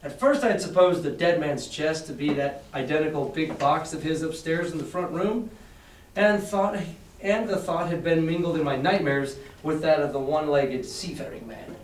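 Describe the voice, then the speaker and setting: A man's voice: on the high side, moderate pace, a little hiss or hum. A male teacher reads a novel aloud to his class and explains it in a casual, chatty way, asking them questions. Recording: echoey room, far from mic.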